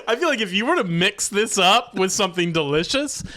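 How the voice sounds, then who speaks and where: A man's voice: high-pitched, expressive, a little fast, bright, forceful tone. A man co-hosting a podcast, telling rambling comic stories and laughing often. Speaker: podcast co-host, comedian. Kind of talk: casual comedic chat.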